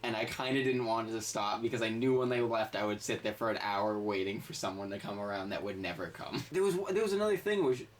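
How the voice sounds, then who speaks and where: A man's voice: fairly low pitch, quick pace, few pauses. A man telling a long anecdote in casual chat, rambling and profane, often cutting himself off mid-sentence. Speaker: game podcast co-host. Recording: distant mic with faint background noise.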